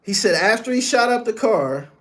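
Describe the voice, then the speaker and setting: A man's voice: sits high, expressive, moderate pace. A man hosting a podcast, telling a story in blunt, profane, emphatic casual commentary. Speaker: podcast host.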